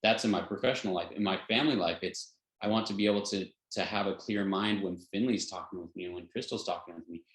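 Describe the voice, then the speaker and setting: A man's voice: low-pitched, quick pace, fairly bright tone. A man teaching a health class in an informal way, earnest, often chuckling and restarting his sentences with fillers. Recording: roomy echo.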